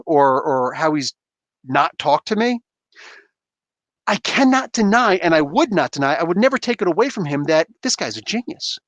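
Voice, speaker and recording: A man's voice: sits high, fairly bright tone, no room sound. A man hosting a livestream, emphatic and rambling as he talks casually with fans. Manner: emphatic, rambling, fan banter. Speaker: comic book reviewer, livestream host.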